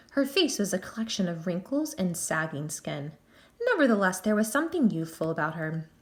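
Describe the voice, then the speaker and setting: A woman narrating a children's novel aloud in an expressive, animated way. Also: medium pitch. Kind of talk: storybook read-aloud.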